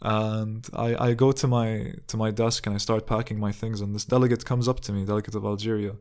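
A man's voice: on the low side, flat delivery, brisk, darkish tone, smooth. A young man hosting a podcast, telling a personal story in an earnest, reflective way, with many restarts and fillers. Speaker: podcast host. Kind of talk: casual storytelling monologue.

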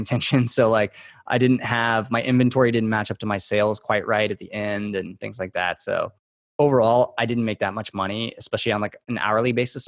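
A man from Texas, a podcast guest, telling a relaxed, rambling story full of fillers and restarts. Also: lowish voice, gravelly, no room sound, clean studio sound. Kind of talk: casual storytelling in a podcast interview.

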